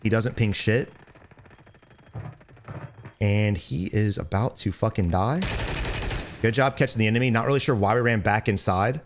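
A young man giving blunt, profane gameplay commentary as a streamer, breaking into loud excited bursts. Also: lowish voice, moderate pace, long pauses, noisy background. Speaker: gaming streamer.

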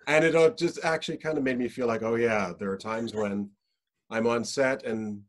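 Canadian guy host, loose chatty storyteller, mid-pitched voice. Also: moderate pace. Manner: relaxed storyteller, many fillers and restarts. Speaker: podcast host. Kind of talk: casual chat.

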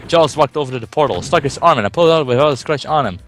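A man's voice: mid-range voice, expressive, very fast, soft background music. A young man reading fan fiction aloud in a casual way, breaking off with amused, laughing asides. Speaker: reader.

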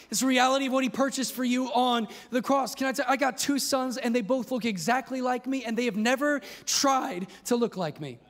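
A man preaching a sermon in a large church hall, with an urgent, impassioned delivery. His voice sits fairly high for a man. Long reverb hangs behind every phrase. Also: fairly quick, few pauses, some chatter behind. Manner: impassioned preaching that rises to shouts. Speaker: pastor.

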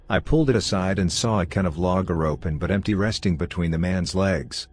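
A man narrating a horror story in a steady, confessional telling. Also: low-pitched, brisk, breathy edge, dry recording.

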